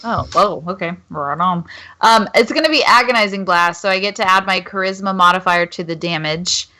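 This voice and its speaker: A woman's voice: mid-range voice, brisk, sharp tone. A woman playing a tabletop game, chatty and hesitant, checking rules with lots of ums. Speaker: player. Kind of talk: casual tabletop play.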